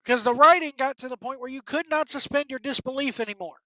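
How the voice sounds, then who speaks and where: A woman's voice: high-pitched, quick pace, a bit bright, no echo. A woman hosting a wrestling talk show, delivering a blunt, profane, exasperated solo rant. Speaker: wrestling commentary host. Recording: dull, dry lo-fi sound.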